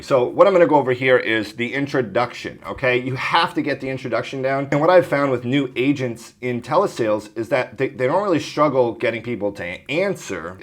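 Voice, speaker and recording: A man coaching viewers on phone sales, talking to camera in a brisk, direct way and often clearing his throat. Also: mid-range voice. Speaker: insurance telesales trainer.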